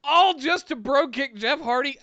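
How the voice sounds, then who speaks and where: Bright, wound-up male podcast co-host. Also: extremely high pitch, animated, normal speed, dry recording, muffled recording. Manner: wound up, emphatic, rises to yelling when heated. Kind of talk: casual wrestling recap chat.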